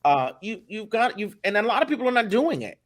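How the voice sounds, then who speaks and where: A man talking as a guest in a casual podcast interview, animated and emphatic, often repeating his words. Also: high-pitched, brisk. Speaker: voice acting director, guest.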